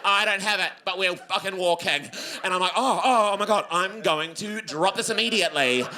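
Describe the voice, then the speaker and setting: A young New Zealand man telling a stand-up story on stage, acting out voices and swinging from high squeals to low grumbles. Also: normal speed, pushed and bright. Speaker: stand-up comedian. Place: comedy venue with laughing audience.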